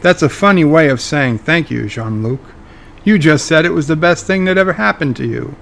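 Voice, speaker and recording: A man's voice: fairly high pitch, expressive, normal speed, vocal fry, a bit bright. A man voicing a smug, omnipotent male trickster who talks in teasing riddles.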